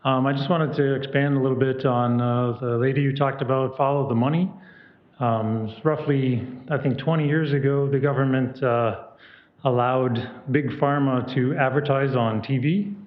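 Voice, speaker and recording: A man's voice: medium pitch, steady tone, normal speed. A man from Michigan giving an earnest, warning public comment at a county board meeting. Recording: echoey muffled meeting room.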